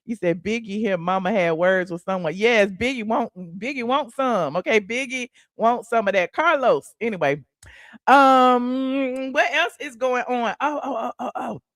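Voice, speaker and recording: Sassy gossip host, lively and dry. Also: male voice, extremely high pitch, a little slow, no echo. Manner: sassy, animated, peppered with "honey" and "child". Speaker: host of a celebrity gossip livestream. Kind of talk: casual live chat with viewers.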